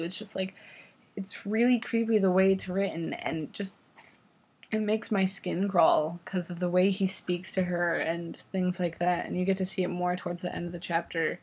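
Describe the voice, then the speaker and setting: A woman's voice: on the low side, fairly even intonation, moderate pace, breathy edge. A young woman vlogger reviewing a book in a casual, exasperated rant, sarcastic and full of swearing and "like" fillers.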